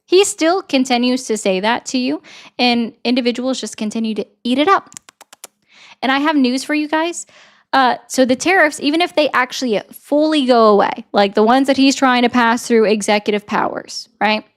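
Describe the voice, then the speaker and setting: Woman commentator lecturing, fast bursts, kinda high voice. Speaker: political commentator. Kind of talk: argumentative commentary.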